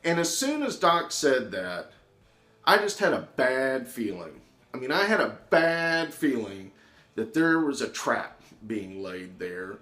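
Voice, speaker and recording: A man telling a personal story in an animated way, acting out the voices of the people in it. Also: medium pitch, slow pace, soft background music. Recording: echoey room.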